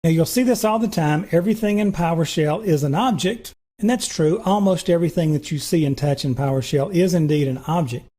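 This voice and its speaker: Husky-voiced man teaching a coding course. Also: fairly high pitch, a little fast, hardly any pauses. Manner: relaxed, reassuring, talks through each step. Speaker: programming course instructor. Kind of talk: screen-recorded tutorial narration.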